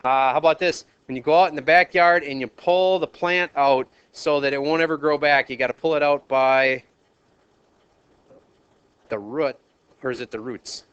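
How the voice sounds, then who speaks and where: A man's voice: on the high side, moderate pace, clean tone, dry recording, highs cut off. A man with a Minnesota accent teaching math in a classroom, asking the class questions and polling the students. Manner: asks the class questions, jokes and polls students. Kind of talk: classroom lecture.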